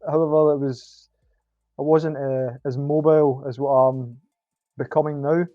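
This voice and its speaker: A Scottish man chatting casually as a guest, talking in halting bursts with many ums and restarts. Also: on the high side, flat delivery, dry recording, phone-quality sound. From Scotland. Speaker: podcast guest. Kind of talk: casual chat.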